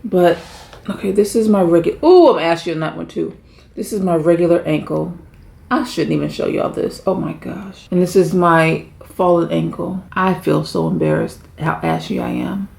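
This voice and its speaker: Gravelly, chatty woman vlogging at home. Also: lowish voice, normal speed, a little mellow. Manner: chatty, self-deprecating, addresses viewers as y'all. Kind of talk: casual chat to camera. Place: indoors at home, her apartment. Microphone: camera set up on a stand. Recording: roomy, echoey room.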